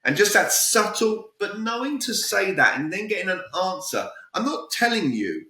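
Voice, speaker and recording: A man's voice: high-pitched, sing-song, moderate pace, sharp tone, recorded from a distance. A man with a British accent, a guest communication coach giving direct, emphatic advice in a podcast interview, often checking in with "all right?". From Britain. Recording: roomy echo, voice a bit off-mic.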